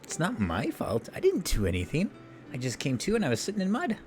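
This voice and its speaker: A man's voice: on the high side, wildly swooping pitch, brisk, darkish tone, soft background music, pitched above the performer's own voice. A man voicing an easily flustered young woman who whines defensively as he reads game dialogue. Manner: whiny, defensive.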